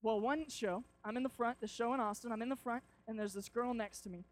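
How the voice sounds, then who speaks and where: A young man preaching a sermon, telling stories with lively acted-out moments. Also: very high voice, a little fast. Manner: animated storytelling, acts out shouts and quotes.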